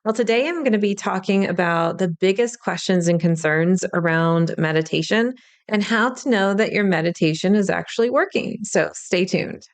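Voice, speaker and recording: A woman's voice: mid-range voice, normal speed. A woman hosting a solo spiritual podcast, talking straight to the listener in a chatty, reassuring way. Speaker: podcast host, spiritual teacher. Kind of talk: casual solo podcast talk.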